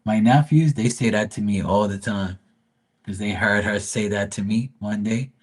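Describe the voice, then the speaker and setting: A man hosts a live stream in loose, casual chat, telling family stories with swearing and a rambling flow. His voice sits low and has a husky edge. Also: normal speed. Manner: rambling, profane storyteller.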